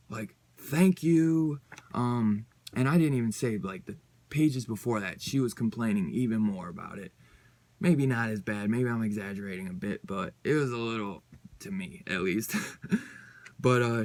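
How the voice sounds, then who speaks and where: A man's voice: lowish voice, moderate pace, a little mellow, no room sound. A man giving a casual comic book review on his channel, rambling and loose, with lots of fillers and some swearing.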